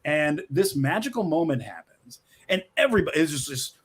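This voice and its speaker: A man's voice: fairly high pitch, very animated, fairly quick, husky. Rambling middle-aged man telling writing stories. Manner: rambling, with frequent restarts and laughs. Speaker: screenwriter guest. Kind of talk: casual interview talk.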